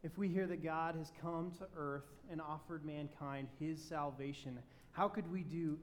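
Animated high-voiced preacher man. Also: normal speed, slight background noise. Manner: animated storytelling, swings between loud excitement and quiet emphasis. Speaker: pastor. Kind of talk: sermon.

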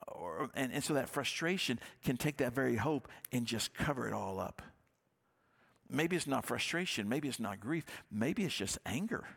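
A man preaching a sermon, his voice gravelly with a husky edge. He speaks as a pastor in an earnest, conversational way and circles back on his own phrases. His pitch sits at an ordinary middle level for a man. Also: lively intonation, normal speed, fairly bright tone.

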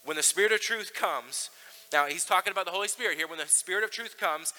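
A man's voice: sits high, sharp tone, big-room sound, poor audio. A man preaching a sermon to a congregation in a casual, conversational way, with fillers and restarts. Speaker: pastor.

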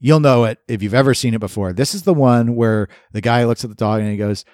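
This podcast co-host keeps the casual talk light, joking, laughing frequently, and voicing silly quotes. He talks fast with a medium pitch and a slightly mellow tone, and the studio recording is clean without echo.

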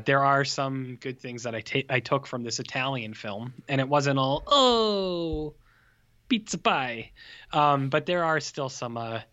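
A man's voice: medium pitch, bright, forceful tone. Male podcast co-host, casual rambling movie chat, joking delivery, slightly muffled audio. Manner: joking, rambling, slips into mock exclamations.

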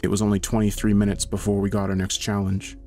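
Man, low voice, scripted horror narration, steady and measured, faint music underneath.

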